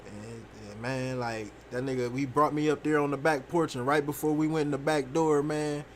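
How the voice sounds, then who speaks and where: A young man with a fairly high voice tells a long story while playing a game, animated and swearing freely. He rambles and repeats himself with plenty of fillers, over a faint hum of background noise. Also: moderate pace. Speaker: gaming streamer.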